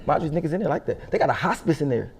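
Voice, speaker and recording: A middle-aged man, telling stories in a casual interview, profane and animated, laughing often. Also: fairly high pitch, very fast, creaky, a little hiss or hum. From Philadelphia. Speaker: interview guest.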